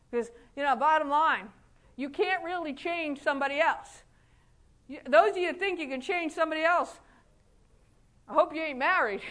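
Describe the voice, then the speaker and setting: A middle-aged woman with a high voice gives a motivational speech to fellow chiropractors. She talks in a folksy, lively way, laughing often and acting out what people said to her. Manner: folksy, animated, laughs often, acts out quotes. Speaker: chiropractor giving a talk.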